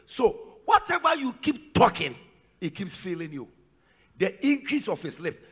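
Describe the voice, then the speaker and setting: A man with a Ghanaian accent preaching a sermon in church, breaking into shouts and sing-song cadences. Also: sits high, big pitch swings, measured pace, slightly rough. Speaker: pastor.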